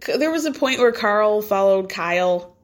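A chatty woman recaps reality TV drama as if talking to a friend, full of gossipy, animated energy. Speaking at an ordinary middle pitch and moderate pace, she laughs often between stories and swears casually now and then.

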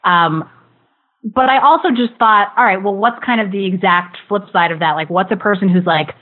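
A woman's voice: mid-range voice, narrow, tinny audio. A woman, a guest actress, chatting cheerfully in an interview and babbling on in a bubbly, self-mocking way. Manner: cheerful, babbling, quick to laugh. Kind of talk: casual interview chat.

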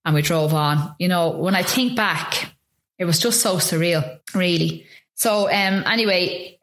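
A woman's voice: fairly low pitch, measured pace, a bit bright. A woman, an interview guest telling a personal story in earnest, vivid detail with some hesitations. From Ireland.

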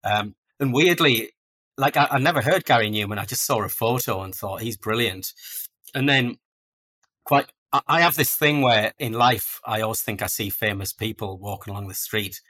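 Bright-voiced man telling stories. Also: lowish voice, normal speed. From North East England. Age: 40s. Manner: chatty anecdotal storytelling, self-deprecating. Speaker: guest author. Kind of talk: casual podcast interview.

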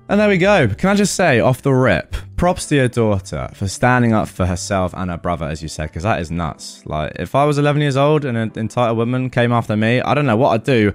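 A man reading online stories aloud in an animated way and adding his own comments. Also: medium pitch. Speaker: story narrator.

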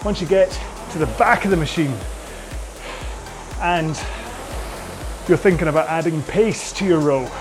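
A man's voice: fairly high pitch, unhurried, pauses often, over music. A man coaching an indoor rowing workout while rowing, chatty and rambling, often mocking himself.

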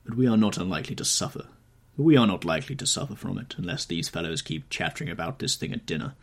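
A languid, cynical aristocrat, as a male narrator puts him on in an audiobook reading, brushing things aside with urbane ease. The voice is low and gravelly, with a husky edge. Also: animated, fast. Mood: airy. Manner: dismissive, urbane.

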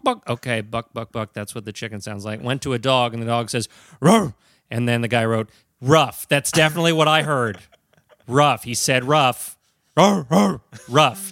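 Sardonic young man, bright tone. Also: mid-range voice, steady tone, brisk, no echo, clean studio sound. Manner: sardonic riffing. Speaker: podcast co-host. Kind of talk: casual comedic chat.

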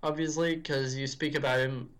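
A man's voice: fairly high pitch, little pitch movement, normal speed, fairly bright tone, clean tone. A man on a football podcast as a guest, talking in a rambling, chatty way with frequent restarts. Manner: rambling, many restarts and fillers like "if you will". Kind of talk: casual football chat.

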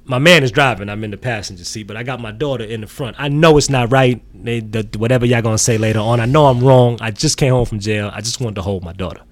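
A middle-aged man from the Bronx, telling a profane, animated story as a podcast guest. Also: mid-range voice, quick pace, few pauses, no echo. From the Bronx, New York. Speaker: podcast guest, sneaker collector. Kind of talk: casual storytelling in an interview.

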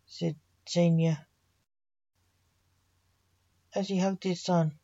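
A woman reading a story aloud in a slow, even storytelling manner. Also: lowish voice, highs cut off.

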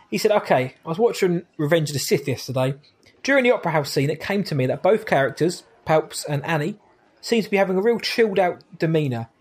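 A man, co-hosting a casual podcast and reading out listener questions. His voice sits a little high. He talks in a quick, upbeat way and laughs easily. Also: a little mellow, husky. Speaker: podcast co-host. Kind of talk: casual chat.

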